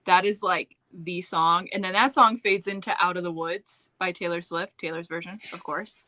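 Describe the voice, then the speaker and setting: A woman's voice: fairly low pitch, fairly even intonation, normal speed, pushed and bright. A woman co-hosting a live writing stream, chatting casually in a bubbly, gushing way and laughing often. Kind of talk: casual chat.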